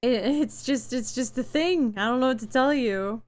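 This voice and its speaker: A woman's voice: a little high, moderate pace. A young adult woman streamer in casual live-stream chat, chatty and giggly, rambling with fillers, her throat tired from talking.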